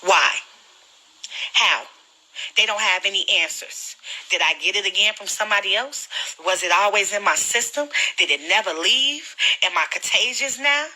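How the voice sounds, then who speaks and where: Woman, very bright and sharp voice, earnest, pleading, holding back tears, livestream to viewers. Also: medium pitch, animated, moderate pace, low-quality recording. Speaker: livestreamer sharing her illness experience. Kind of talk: emotional direct-to-camera livestream.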